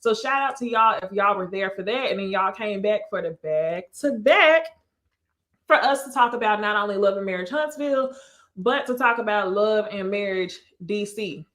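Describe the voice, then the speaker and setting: A woman's voice: mid-range voice, animated, moderate pace, a bit bright. A woman from Texas with a slight Texas accent, hosting a casual live stream on her channel, chatting to viewers and laughing often. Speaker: YouTube host.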